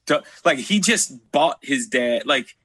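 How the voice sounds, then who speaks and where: A man with a husky voice co-hosts a casual podcast about a TV show. He gives his opinions bluntly. The recording is close and dry. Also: mid-range voice, expressive, slow, a bit bright, no echo.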